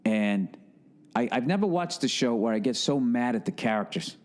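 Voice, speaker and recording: A man hosting a podcast in a rambling, casual monologue, talking bluntly and profanely in an animated way. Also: medium pitch, normal speed. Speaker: podcast host.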